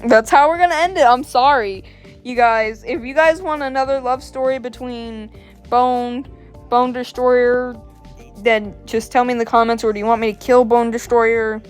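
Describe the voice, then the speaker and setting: A woman hosting a casual reaction vlog, excitable and exasperated, talking with plenty of slang. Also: a little high, moderate pace, smooth, faint music behind. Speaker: host. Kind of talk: casual reaction vlog, reading a story aloud.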